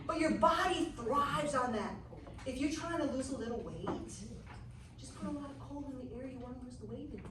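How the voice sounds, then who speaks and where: Woman, high voice, animated laughing storyteller, health class teacher, echoey distant recording with noise. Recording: echoey room, mic far off, noisy.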